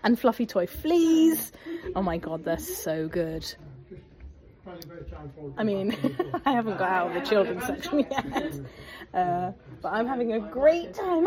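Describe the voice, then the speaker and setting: A woman's voice: fairly high pitch, sing-song, unhurried. A woman chats through a vlog in a museum gift shop, enthusiastic and full of laughing asides. She takes her time with each phrase. A crowd bustles around her. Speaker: vlogger. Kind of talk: casual vlog chat.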